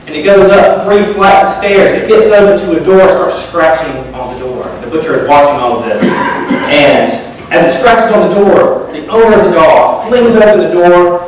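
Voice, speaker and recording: A man preaching a sermon at a community service, telling jokes as an animated storyteller. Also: sits high, moderate pace, slight background noise. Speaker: pastor. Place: large hall at a community service. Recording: echoey hall, distant mic.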